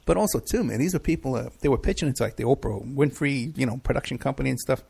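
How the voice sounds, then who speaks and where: A man's voice: medium pitch, fast, gravelly, a little mellow, husky. A middle-aged man hosting a live show, chatting casually and rambling through questions from the chat with many fillers. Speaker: podcast host.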